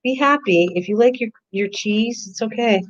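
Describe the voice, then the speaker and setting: A woman's voice: on the high side, normal speed, highs cut off. Teasing older woman chatting with viewers. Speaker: channel host. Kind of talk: casual live-stream chat.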